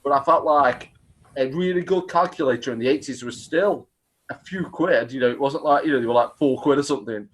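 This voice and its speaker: A man, a guest on a casual film commentary over a video call, rambling excitedly with lots of fillers. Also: medium pitch, a little fast. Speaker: guest co-host.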